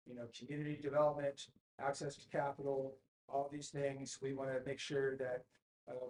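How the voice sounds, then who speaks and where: A man giving a presentation at a city council meeting, speaking in a measured way with frequent fillers and restarts. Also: mid-range voice, darkish tone, slight background noise. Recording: echoey council chamber.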